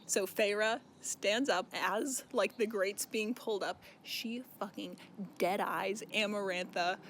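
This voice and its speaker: A man's voice: high voice, a bit bright. Young man, casual book recap, chatty and sweary, faint hiss behind. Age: young adult. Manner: chatty, swears, laughs while recounting. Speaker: book vlogger.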